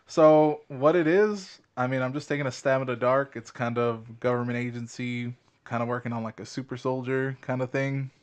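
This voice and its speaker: A man's voice: medium pitch, fairly even intonation, normal speed, clear, resonant tone. Rambling man speculating in podcast chat. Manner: rambling, speculative, frequent filler backchannels. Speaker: podcast co-host. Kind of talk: casual chat.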